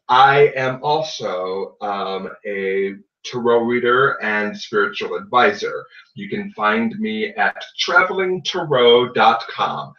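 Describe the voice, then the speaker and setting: A man with a medium-pitched, sharp-toned voice hosts a casual podcast chat as a tarot reader, playfully joking and promoting his readings. The recording is roomy, distant, dull, and lo-fi.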